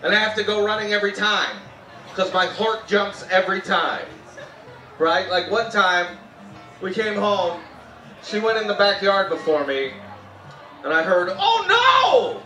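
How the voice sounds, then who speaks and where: A Canadian man performing a live stand-up set, telling animated stories about his wife and jumping into sudden high-pitched shouts when he mimics her. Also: a little slow, pauses often, a little hiss or hum. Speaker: stand-up comedian. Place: outdoor festival comedy tent. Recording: roomy live sound from a distance. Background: audience laughter and faint music.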